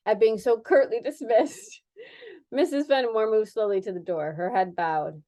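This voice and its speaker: A woman's voice: mid-range voice, unhurried, dark tone. A woman reading a novel aloud, giggling and stopping now and then to comment on her own reading. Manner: laughs often, breaks off to comment. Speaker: reader.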